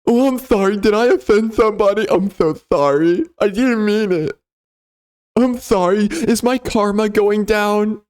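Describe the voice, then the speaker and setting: A man's voice: sits high, unhurried, darkish tone, clear, resonant tone, pitched above the performer's own voice. A man putting on the voice of a whiny, over-apologetic young male forum user, simpering and fretful.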